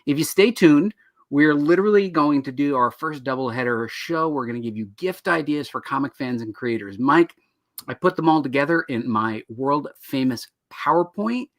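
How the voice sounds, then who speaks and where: A man's voice: mid-range voice, normal speed, no echo. A man hosting a live online talk show about comics, joking and teasing himself and his co-host. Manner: jokey, self-deprecating, upbeat.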